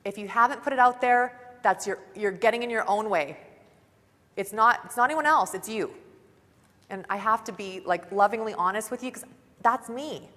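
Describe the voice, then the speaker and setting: A woman's voice: fairly high pitch, moderate pace, pushed and bright. A young woman giving an upbeat motivational talk at a conference, chatty and saying "like" often, recorded on a stage mic. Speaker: conference speaker. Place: large conference hall. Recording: long reverb of a large hall.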